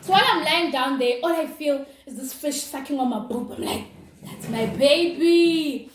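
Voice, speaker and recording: A young woman telling a personal story in a casual, animated, dramatic way, as a vlogger. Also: sits high, a little fast. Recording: roomy with faint noise.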